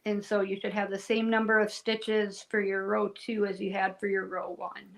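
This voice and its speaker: A woman's voice: medium pitch, flat delivery, moderate pace, vocal fry, rough recording. A woman co-hosting a live crochet stream, chatting casually, laughing often and walking viewers through stitches. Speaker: co-host of a crochet livestream. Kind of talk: casual chat and crochet instruction.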